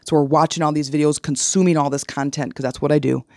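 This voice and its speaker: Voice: medium pitch, fast, no room sound, clean studio sound. A podcast host talking solo, casual and frank, telling stories with analogies. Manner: animated storytelling with analogies.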